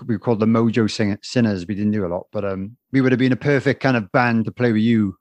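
A man's voice: fairly low pitch, fairly even intonation, quick pace, a little mellow, no echo, muffled recording. A man interviewing a musician in casual chat, enthusiastic and rambling, calling him man.

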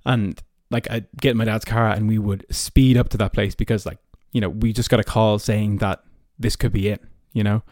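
A man's voice: lowish voice, steady tone, normal speed, few pauses, a little mellow, no room sound, clean studio sound. A man in his early twenties with an Irish accent, a podcast host telling personal stories in a casual, rambling way full of "like" and "you know". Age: early 20s. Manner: chatty, many fillers like "like" and "you know".

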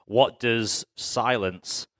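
A man's voice: medium pitch, extremely slow, a bit bright, no room sound. A man hosting a live interview, asking reflective, probing questions. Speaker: interviewer host.

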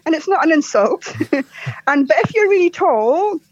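A woman from Scotland with a soft, posh Scottish accent, chatting as a podcast guest, laughing often and telling jokes. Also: sits high, big pitch swings, a little slow, dry recording, muffled recording. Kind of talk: casual interview chat.

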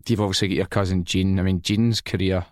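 A Scottish man hosting a podcast, relaxed and chatty, swearing casually as he asks questions. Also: deep voice, fast, no room sound, clean studio sound. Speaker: podcast host. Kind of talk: casual interview chat.

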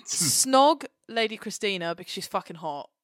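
A woman co-hosting a podcast, chatting in an excitable, playful and sweary way. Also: medium pitch, normal speed, dry recording. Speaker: podcast co-host. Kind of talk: casual chat.

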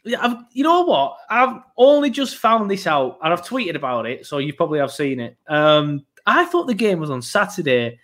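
A man hosting a football podcast in loose, rambling chat. His voice sits a little high for a man, and his talk is full of fillers and restarts. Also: sing-song, normal speed, hardly any pauses, a bit bright. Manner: chatty, rambling, lots of fillers. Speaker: podcast host.

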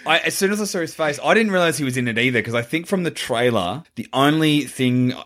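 A man co-hosting a horror podcast tells stories animatedly. His pitch swings widely as he acts out what people said. The tone is relaxed banter among friends. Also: fast. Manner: animated storyteller, acts out quotes. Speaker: podcast co-host. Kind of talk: casual chat.

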